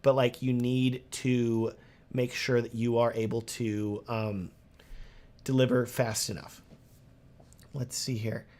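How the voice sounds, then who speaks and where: A man's voice: mid-range voice, takes it slowly, pauses often. Chatty young man on a live stream. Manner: animated, talkative, reading comments aloud.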